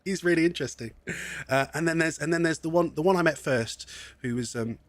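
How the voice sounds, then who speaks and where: A young man from England streams live, chatting in a rambling way at a brisk clip with a fairly high voice. He laughs often and sounds a bit wheezy from asthma, and there's no echo.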